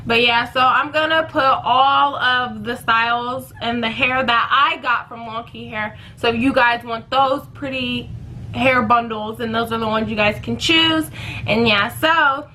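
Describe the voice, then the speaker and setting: A woman's voice: on the high side, fairly even intonation, measured pace, sharp tone, a little hiss or hum, rough recording. A young woman chatting casually to her channel in a rambling, self-correcting way. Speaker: vlogger. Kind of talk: casual giveaway vlog.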